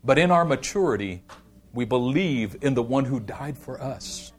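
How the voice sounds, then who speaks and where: A man's voice: medium pitch, lively intonation, moderate pace, husky. A man preaching a sermon with passion, leading his congregation in repeated call-and-response lines. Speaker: pastor.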